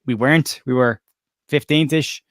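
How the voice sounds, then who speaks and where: A man hosts a casual football podcast with animated, questioning energy. His voice sits at an ordinary pitch. The sound is dry and close, with no room around it. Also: normal speed, no room sound. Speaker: podcast host.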